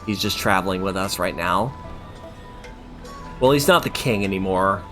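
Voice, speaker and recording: A man's voice: low voice, normal speed, fairly bright tone, faint music behind. A man streaming a game, chatting casually and reading its story text aloud.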